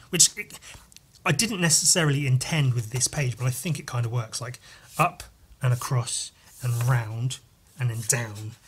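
A man hosting a podcast, over-caffeinated and chatting casually while flipping through comics. He rambles and swears, with jumpy, excited talk. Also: breathy edge. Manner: wired, rambling and profane, jumping in pitch. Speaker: podcast host and comic artist.

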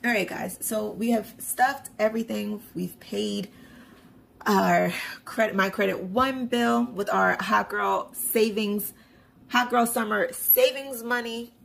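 A woman's voice: medium pitch, takes it slowly, vocal fry, fairly bright tone, slight background noise. A woman vlogger casually walking through her paycheck budget, reading account balances aloud in a chatty, self-deprecating way. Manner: chatty, reads figures off a screen, self-deprecating. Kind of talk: casual budget walkthrough to camera.

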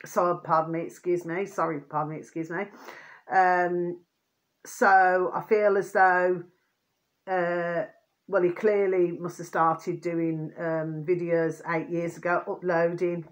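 This is a woman with a fairly low voice and an even tone, going at a slow pace. As a vlogger, she rambles to her viewers in a repetitive, often irritated way, venting, reusing pet phrases, and asking "do you see what I mean."

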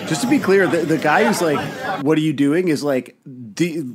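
A man's voice: fairly high pitch, moderate pace, a loud crowd, heavy background noise. A man appearing as a guest on a podcast, chatting casually with wry, sardonic asides.

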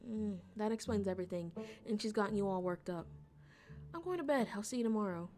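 A woman's voice: medium pitch, quick pace, a little mellow, faint music behind, close to an everyday voice. A woman reading the lines of a blunt, impatient young woman who scolds and brushes off a relative. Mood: dismissive. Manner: snappy, exasperated. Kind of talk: reading game dialogue aloud.

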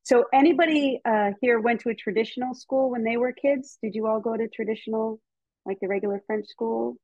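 An American woman giving a lively, chatty talk to teachers and parents over a video call, with frequent ums. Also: a little high, a little fast, no echo. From United States. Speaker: speaker on child development. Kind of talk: casual lecture to teachers and parents. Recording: dull, slightly muffled video call audio.

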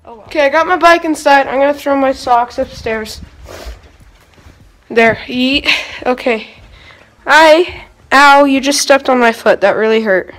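A woman's voice: high voice, a little slow, pauses often, fairly bright tone, soft background music. A teenage girl vlogging at home on her phone, chatting playfully to her dogs and viewers. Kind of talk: casual vlog talking to dogs and viewers. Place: family home, indoors. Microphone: phone camera.

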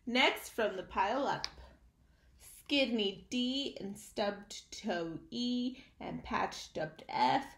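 A woman reading a picture book aloud to young children, slow and animated, stopping to ask her listeners questions. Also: fairly high pitch, reverberant.

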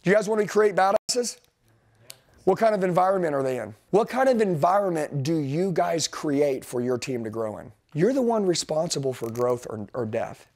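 A man's voice: a little high, expressive, normal speed, a little mellow. A middle-aged man giving a blunt, intense motivational sales training to a group, talking straight at the room.

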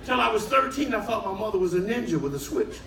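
A man doing stand-up comedy to a live audience, animated and bursting into shouted punchlines. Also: sits high, quick pace, very noisy. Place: cruise ship showroom, live audience. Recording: echoey room, far mic, crowd laughter.

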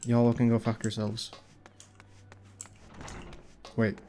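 Nasal and blocked-up, this man's medium-pitched voice is warm, completely flat and slow as he plays a video game, rambling profanely and complaining about it. He's a gaming streamer doing casual gameplay commentary, with a little hiss or hum, faint game music and keyboard typing in the background.

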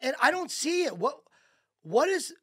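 A man's voice: very high voice, very animated, unhurried, bright, forceful tone. A man co-hosting a sports talk show, getting worked up and firing off exclaimed questions. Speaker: co-host.

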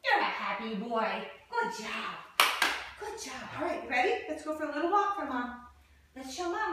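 A woman dog trainer with a voice set a little high gives cheerful, coaxing praise to a puppy as she films him at home. Her voice rings through a very echoey space and lands from some distance away from the mic. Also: sing-song, moderate pace, long pauses, a bit bright, slight background noise. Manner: cheerful praise and sing-song baby talk to a puppy. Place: home, indoors then outdoors.

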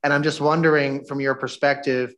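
A man's voice: mid-range voice, little pitch movement, fairly quick, fairly bright tone. A man on a school board thanks the presenter and asks two-part questions, polite with a touch of dry sarcasm. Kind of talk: asking questions at a board meeting.

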